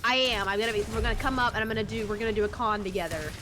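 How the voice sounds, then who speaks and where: A woman from East Texas chatting casually with friends during a game stream, animated and rambling, laughing often. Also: medium pitch, very fast, background noise. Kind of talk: casual chat while gaming on stream.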